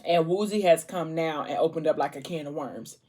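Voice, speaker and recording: Chatty woman retelling a story, low voice. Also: fairly quick, warm tone. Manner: chatty, retells scenes with lots of "like". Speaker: vlogger retelling a book's plot. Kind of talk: casual storytelling over a snack. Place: at home, eating a fruit tray.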